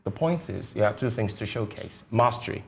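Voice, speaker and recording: A man's voice: on the low side, animated, normal speed, creaky. A man with a Nigerian accent, a guest educationist on a studio panel, explaining points with examples in a teacherly way. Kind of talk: panel discussion.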